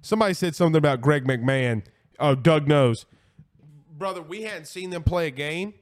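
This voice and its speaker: Animated man hosting a sports stream. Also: fairly high pitch, normal speed. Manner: blunt, animated, repeats himself, swears then apologizes. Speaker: host of a college football show. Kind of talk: casual live-stream chat reading viewer comments.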